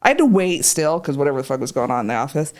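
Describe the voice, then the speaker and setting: A woman spins a long, profanity-laced story, jumping into the voices of the people in it. Her voice sits a little low but swings widely in pitch as she goes. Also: racing. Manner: profane, animated, acts out voices in quotes. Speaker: podcast guest, patient. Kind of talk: casual storytelling chat.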